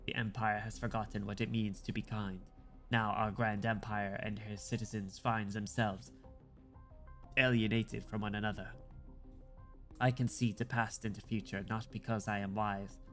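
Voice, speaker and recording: A man's voice: on the low side, flat delivery, normal speed, fairly bright tone, faint music behind, pitched below the performer's own voice, close to an everyday voice. A man voicing a ragged, condemned man who gives a grand, solemn speech of prophecy. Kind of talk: dramatic reading of game dialogue.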